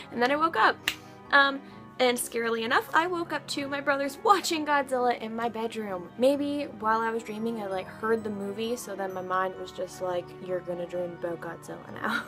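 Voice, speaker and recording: A woman in her twenties chatting to camera as a vlogger, telling stories casually, giggling and swearing now and then. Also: high-pitched. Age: 20s.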